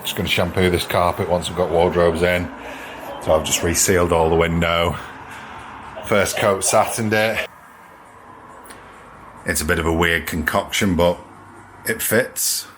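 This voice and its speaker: A man's voice: deep voice, fairly even intonation, measured pace, pauses often, noisy background. A man casually narrating a vlog with chatty, rambling updates on his home and van work. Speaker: vlogger. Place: van and house during a move.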